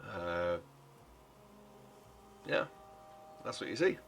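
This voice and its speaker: A man's voice: low-pitched, very animated, extremely slow, vocal fry, fairly bright tone, a little hiss or hum. Rambling man narrating as game master. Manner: rambling, self-correcting narration.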